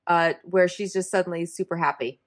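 A woman's voice: fairly low pitch, fairly even intonation, brisk. Female co-host, chatty and amused, in an easy, conversational delivery. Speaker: podcast co-host. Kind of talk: casual chat recapping a TV show.

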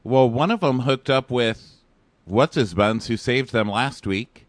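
A man's voice: mid-range voice, measured pace, dry recording. A man co-hosting a podcast, chatting casually and jokingly about a reality show and acting out quotes. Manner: joking, acts out quotes in put-on voices. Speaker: podcast co-host. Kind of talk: casual show recap chat.

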